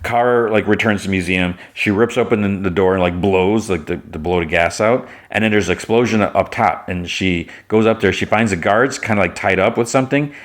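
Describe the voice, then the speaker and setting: A podcast host with a fairly low voice talks fairly quickly with few pauses, casually retelling an episode. He rambles and uses plenty of filler words.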